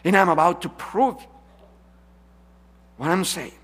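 High, bright-voiced man preaching. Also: animated, slow pace. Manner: emphatic preaching, swinging from loud to hushed. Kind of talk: sermon.

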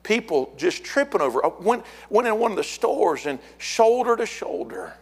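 Fiery preacher man, rising to shouts. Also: high-pitched, very animated, normal speed, slightly rough. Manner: fiery, builds to shouting repeated words. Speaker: pastor. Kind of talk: sermon.

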